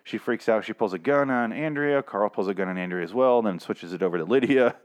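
A man's voice: lowish voice, a little fast. A man casually recapping a comic series, rambling and swearing, with lots of restarts and fillers. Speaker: comic reviewer.

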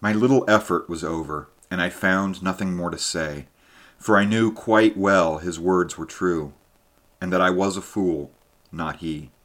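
A man with a very low voice reads a story aloud. His narration is measured and steady, and he lifts his voice for tense moments. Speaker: audiobook narrator. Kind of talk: scripted narration.

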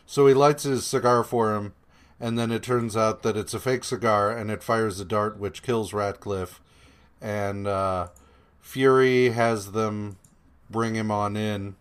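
A podcast co-host with a low, clean-toned voice recaps comic issues in an unhurried, meandering way, full of ums, uhs, and hesitations. He swears freely and paraphrases the characters' lines in a flat, dryly sarcastic retelling during this casual chat.

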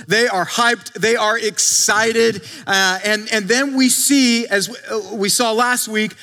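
A man's voice: high voice, fairly even intonation, slow pace, few pauses, bright, forceful tone. A male pastor preaching a conversational sermon, acting out quotes and often restarting his sentences.

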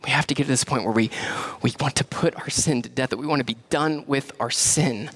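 A man, preaching a sermon as pastor, animated and repeating key phrases for emphasis. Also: fairly quick. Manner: animated, swings to high mimicking voices for quoted people.

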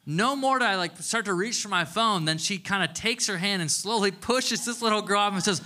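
Bright-voiced man preaching conversationally. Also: high voice, a little fast. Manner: casual, chatty storytelling with playful humor. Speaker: pastor. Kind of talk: conversational sermon.

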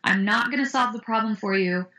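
A woman's voice: on the high side, fairly quick, poor audio. A woman guest in an interview, talking animatedly about anti-bullying tools and acting out the voices of the kids in her stories. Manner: animated, acts out quoted voices. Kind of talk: interview answers.

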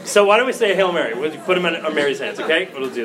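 A priest in his forties giving a casual, animated talk to college students, with frequent jokes and laughter. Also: fairly high pitch, fast talker, hardly any pauses, distant mic, over a noisy crowd. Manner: animated, jokey, laughing asides. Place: campus ministry gathering.

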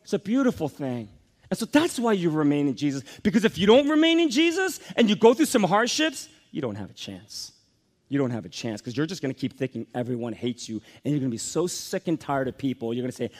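A male pastor delivering a sermon, his voice sitting high for a man and moving through a very wide, lively range. His preaching is emphatic, sinking to hushed lows before surging back up with energy. He sounds like a man in his forties addressing a congregation. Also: fast talker. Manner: emphatic preaching that swings from soft lows to rising, energetic highs.

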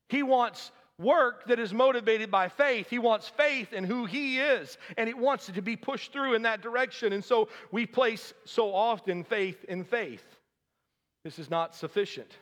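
A man's voice: high-pitched, a bit bright, long reverb tail. A male pastor preaching a sermon, building to fervent, emphatic passages and easing back to a conversational tone with the congregation.

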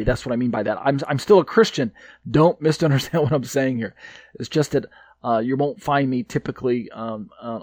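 A man teaches from a Bible commentary in a mid-pitched voice, stopping often on fillers and restarts. He leans hard on the points he cares about. The sound is close and dry, with no room in it. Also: no room sound. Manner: hesitant, many fillers and restarts; emphatic on key points. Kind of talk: reading and explaining a commentary.

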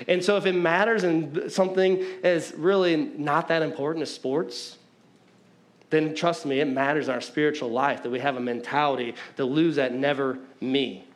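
A man preaching to his congregation with a loose, conversational delivery. He pokes fun at himself and jumps into emphatic bursts. His voice sits slightly higher than most men's. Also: moderate pace. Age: adult, married with children. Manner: conversational, self-mocking, lively preaching. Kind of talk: sermon.

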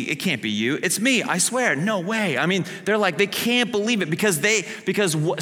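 A man preaching a sermon as a pastor, animated, acting out the story in character voices. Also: on the high side. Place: church sanctuary. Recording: long hall reverb.

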